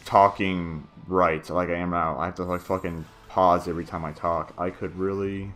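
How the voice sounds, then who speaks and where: Male gameplay commentator, bright and punchy delivery, rambling and casual with swearing. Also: sits low, little pitch movement, moderate pace, soft background music. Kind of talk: casual game walkthrough commentary.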